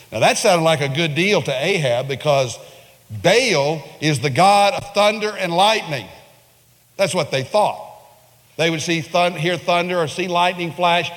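A man preaching a sermon, telling a Bible story with lively, dramatic delivery. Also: unhurried. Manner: animated storytelling, jumps high when acting out scenes. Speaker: pastor. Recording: reverberant hall.

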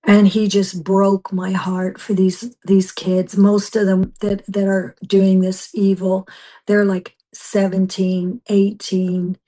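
Woman telling a fervent testimony, flat-toned. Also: mid-range voice, takes it slowly. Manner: intense, fervent storytelling with restarts. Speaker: missionary guest. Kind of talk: emotional personal testimony.

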